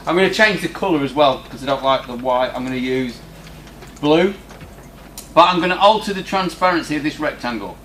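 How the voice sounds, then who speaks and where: A man's voice: fairly high pitch, fairly bright tone. A man teaching a coding lesson in a classroom, talking informally with teasing asides to his students. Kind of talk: screen-recorded coding tutorial. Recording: echoey room with faint background hum.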